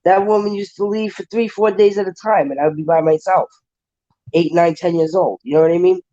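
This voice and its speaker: A woman's voice: lowish voice, steady tone, a little fast, mellow, lo-fi sound. A woman hosting a casual livestream chat. She talks bluntly and emotionally and swears freely. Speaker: livestream panel host.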